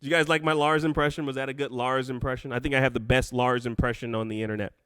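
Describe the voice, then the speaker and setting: A man hosting a live call-in show, animated and laughing, often restarting his sentences. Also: mid-range voice, fast, clean tone, dry recording, clean studio sound. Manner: animated, laughs often, talks over himself.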